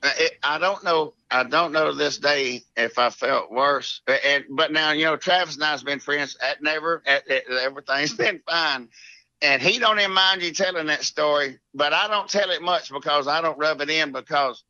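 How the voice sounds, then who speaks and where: A middle-aged man with a thick Alabama drawl, his voice very bright and sharp-edged, telling rambling country stories with plenty of cussing. The sound is dry and a little dull and lo-fi. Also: fairly high pitch, moderate pace, no room sound. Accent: Alabama Southern. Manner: rambling, salty country storytelling with frequent laughs. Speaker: guest, golf professional. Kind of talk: casual podcast storytelling.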